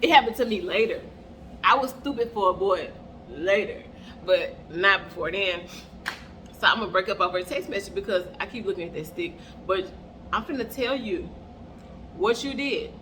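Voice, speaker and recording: A young woman chatting to her viewers in a storytime vlog while doing her makeup, animated and calling out to them often, recorded on an earbud mic. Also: medium pitch, slight background noise. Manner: animated, keeps addressing the audience as "y'all". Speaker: vlogger.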